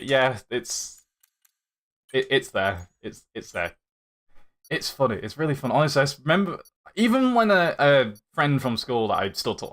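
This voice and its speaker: A man's voice: mid-range voice, fairly bright tone. A young man from Yorkshire with a light Yorkshire accent, chatting casually on a live stream, reading chat aloud and laughing often as he rambles. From Yorkshire, England. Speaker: livestream host.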